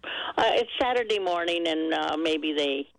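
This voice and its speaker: A woman's voice: low-pitched, animated, a little slow, creaky, no room sound, rough recording. A woman co-hosting a radio call-in show, chatting casually and hesitantly. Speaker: radio co-host. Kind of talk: casual studio banter.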